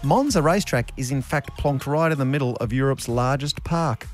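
A radio co-host, joking and quick in casual breakfast chat. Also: female voice, extremely low pitch, darkish tone, faint music behind. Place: radio studio.

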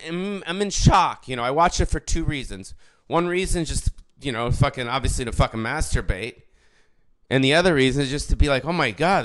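A man's voice: medium pitch, dry recording. A man of about fifty who hosts a podcast and does stand-up. He rants alone in a rambling, profane way and keeps correcting himself. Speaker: comedian and podcast host. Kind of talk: casual solo podcast rant.

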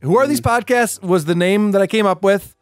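A man co-hosting a podcast in casual chat, making quick dry remarks. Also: high-pitched, no room sound, faint music behind. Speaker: podcast co-host.

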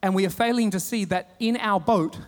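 A man with an Australian accent preaching a sermon, telling stories with humor and animated retellings. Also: high voice, brisk, long reverb tail. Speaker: pastor.

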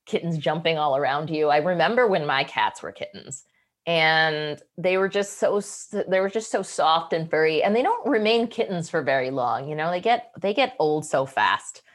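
Low-voiced, lively woman guest. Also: moderate pace. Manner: thinks aloud, meandering with restarts. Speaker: podcast guest. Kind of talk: casual podcast chat.

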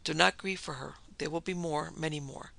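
A man voicing an old parson, pious and stern, speaking low and gently. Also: normal speed, vocal fry, dry recording, full character voice. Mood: solemn. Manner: low, gentle, soft-spoken.

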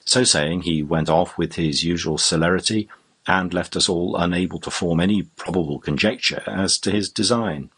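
Man, audiobook narrator, very deep voice, husky tone, measured formal delivery. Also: fairly bright tone. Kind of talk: scripted narration of a classic novel.

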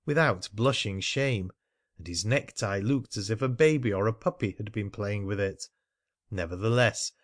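A man narrating an audiobook in a measured, even reading style, close to the mic. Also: lowish voice. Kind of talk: scripted narration.

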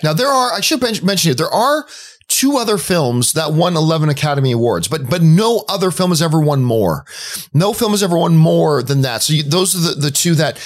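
A man's voice: fairly high pitch, expressive, a little fast. A man co-hosting a movie podcast, telling a story with emotion and enthusiasm in casual chat. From Canada. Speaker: podcast co-host.

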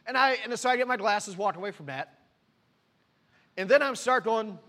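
A man preaching, a pastor telling a personal testimony with animated storytelling, acting out his own conversations. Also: high-pitched, fairly quick. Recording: long reverb of a church hall.

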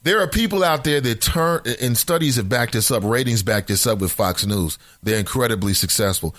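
A man's voice: medium pitch, moderate pace, a bit bright, no echo. A man hosting a morning radio talk show, giving rambling, opinionated commentary from a studio mic.

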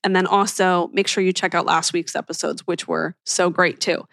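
A woman's voice: on the low side, steady tone, normal speed, gravelly, fairly bright tone, dry recording, clean studio sound. A woman podcast host from Philadelphia chatting in a gushing, enthusiastic way as she recommends shows to her listeners. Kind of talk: casual chat recommending shows.

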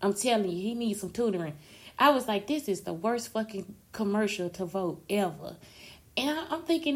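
Young woman, casual vlog rant, gushing, shrieks and murmurs, mid-pitched voice. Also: fairly quick. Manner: loud, gushing, swings between shrieks and low murmurs. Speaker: vlogger.

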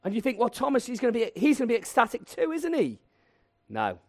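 A man preaching a lively, humorous sermon and acting out voices to tell the story. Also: extremely high pitch, quick pace, gravelly, no echo, studio quality.

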